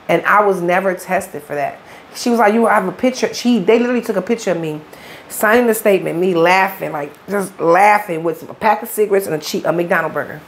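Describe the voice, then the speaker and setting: A woman's voice: medium pitch, brisk. A middle-aged woman with a Chicago accent, an interview guest telling her story in blunt, profane street talk. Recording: faint background noise.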